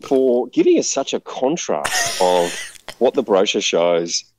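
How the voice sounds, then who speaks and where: A man casually telling a rambling, animated travel story, laughing often. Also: on the low side, unhurried, a little hiss or hum, rough recording.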